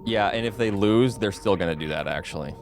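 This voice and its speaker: A man's voice: fairly low pitch, fairly quick. A man around thirty, chatting offhand and joking with his viewers while streaming a speedrun. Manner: joking, offhand, answers chat between game moments. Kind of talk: casual live-stream chat. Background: game music.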